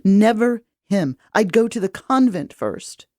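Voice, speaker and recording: A woman speaking as a stubborn, sharp-tongued young noble daughter who argues back defiantly. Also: mid-range voice, lively intonation, measured pace, no room sound, clean studio sound, pitched above the performer's own voice, lightly acted. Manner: defiant, pleading.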